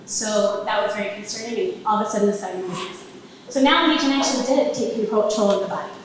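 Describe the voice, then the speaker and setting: A woman's voice: medium pitch, quick pace, slight background noise. A woman telling a personal story on stage to a live audience, conversational, with wry asides to the crowd. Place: event venue with a live audience. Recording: very echoey room, mic at a distance.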